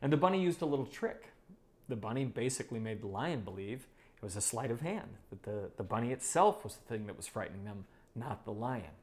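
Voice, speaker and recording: A man's voice: medium pitch, expressive, fairly quick. A man teaching a leadership course module, emphatic and fond of repeating phrases for effect. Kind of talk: online course lesson.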